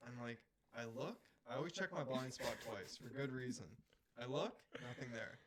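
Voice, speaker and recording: A man from Canada co-hosting a podcast, casually telling a swearing, animated story and acting out his friend's lines. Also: mid-range voice, normal speed, background noise. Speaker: podcast co-host. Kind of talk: casual chat.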